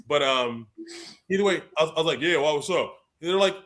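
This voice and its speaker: A young adult man, a guest author telling stories in a lively way, acting out the people he quotes. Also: on the high side, brisk. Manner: expressive, acts out quoted voices, repeats words. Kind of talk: animated storytelling in conversation.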